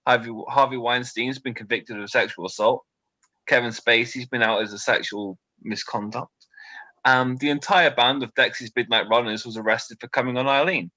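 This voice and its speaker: A British man in his twenties doing a stand-up set, delivering deadpan one-liners with nervous asides to a quiet crowd. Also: mid-range voice, moderate pace, no echo, highs cut off. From Britain. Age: 20s. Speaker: stand-up comedian.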